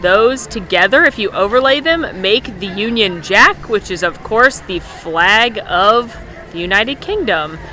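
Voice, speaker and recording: A woman's voice: medium pitch, expressive, unhurried, bright, forceful tone. A woman hosting a casual walking-tour vlog outdoors at a theme park, chatty and upbeat, joking and correcting herself as she goes. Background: music.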